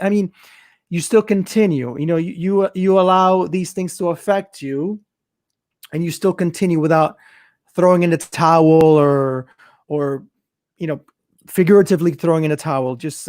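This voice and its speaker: A man's voice: high-pitched, darkish tone, no echo, clean studio sound. A man from Rico, hosting and asking searching, thoughtful questions. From Puerto Rico. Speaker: host. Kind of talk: interview questions.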